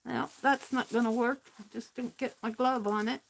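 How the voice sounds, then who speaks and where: A woman's voice: on the high side, steady tone, creaky, slight background noise. A woman hosting a craft livestream, chatting casually and muttering to herself as she works. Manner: muttering to herself while working, slow and unhurried.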